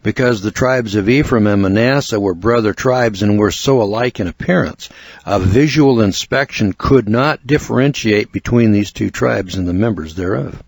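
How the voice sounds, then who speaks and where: An older American man reads and explains a book review in an earnest, measured lecturing manner. His voice sits on the low side and is recorded close and dry, with no room sound. He talks steadily, pausing now and then for asides. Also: creaky, no room sound. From United States. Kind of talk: spoken book review narration.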